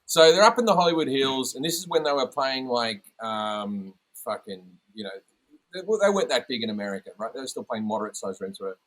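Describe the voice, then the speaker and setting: A man chatting as a comedian guest on a podcast, telling stories in a profane, animated way. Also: mid-range voice, fast talker, rough recording. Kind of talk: casual podcast chat.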